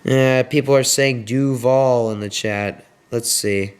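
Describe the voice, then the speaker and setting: A man's voice: medium pitch, steady tone, measured pace, clean tone. A young man hosting his own sports video, rambling with many fillers through a frustrated post-game rant. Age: young adult. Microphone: headset.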